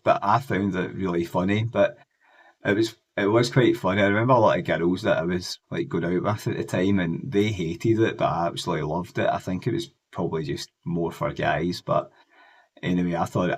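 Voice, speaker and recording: A man's voice: low voice, breathy edge. A man, chatting in a rambling, enthusiastic way as he looks back on old TV shows and films for his vlog. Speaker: music and pop culture vlogger. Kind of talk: casual nostalgic retrospective.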